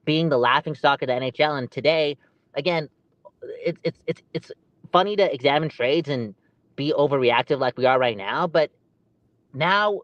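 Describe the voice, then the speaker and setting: A man co-hosting a podcast, ranting in an animated, exasperated way. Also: fairly high pitch, normal speed, no room sound, muffled recording. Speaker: podcast co-host. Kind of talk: heated casual podcast chat.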